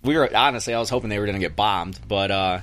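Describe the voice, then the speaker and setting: A man's voice: on the low side, fast talker, fairly bright tone. A man telling long rambling stories in casual chat on a podcast. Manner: rambling storyteller, laughs at own stories.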